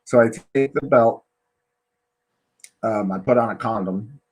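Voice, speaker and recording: A man's voice: fairly low pitch, unhurried, darkish tone, slightly rough, lo-fi sound. A man hosting a podcast interview, telling frank stories in casual chat with many fillers. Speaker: podcast host.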